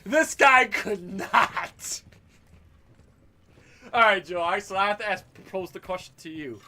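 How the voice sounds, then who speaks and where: A man in his thirties hosting a gaming livestream, telling profane, animated stories with frequent laughter. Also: sits high, measured pace. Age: 30s. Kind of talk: casual livestream chat and storytelling.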